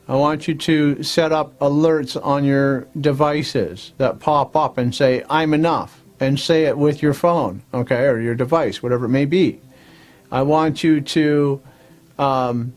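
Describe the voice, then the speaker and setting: A man's voice: medium pitch, darkish tone. A man hosting a self-help show, coaxing listeners through affirmations and often checking in with "all right?". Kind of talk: motivational talk to camera.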